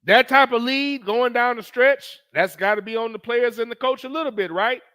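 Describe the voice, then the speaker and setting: A man's voice: extremely high pitch, moderate pace, sharp tone, a little hiss or hum. A man talking casually about basketball, recounting plays step by step, teasing rival fans and cursing freely. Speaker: sports commentator. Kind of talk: casual sports talk.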